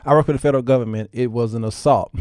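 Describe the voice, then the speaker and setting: A man's voice: mid-range voice, fairly even intonation, fast talker, darkish tone, a little hiss or hum. A man hosting a casual livestream, talking folksy to his viewers and laughing often. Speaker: show host.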